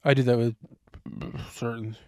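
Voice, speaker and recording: A man's voice: mid-range voice, flat delivery, normal speed, warm tone, no echo, clean studio sound. A man co-hosting a podcast, chatting casually and rambling through his thoughts with lots of restarts. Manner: rambling, full of fillers and restarts. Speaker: podcast co-host.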